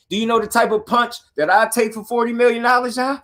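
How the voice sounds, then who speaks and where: A man hosting a live boxing talk stream, speaking in an animated, slangy, repetitive way to his chat. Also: very high voice, fast talker, hardly any pauses. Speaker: boxing talk show host.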